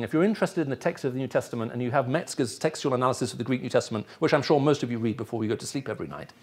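A middle-aged man with an English accent, who grew up in the Middle East, preaches a sermon before a live audience and frequently checks in with his listeners. His voice is mid-range, slightly mellow and husky, and the talk is sermon teaching.

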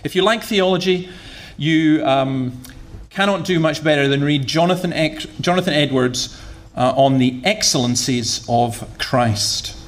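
A man's voice: a little high, a little slow. A man preaching a sermon in a conversational, humorous way, often repeating words as he goes.

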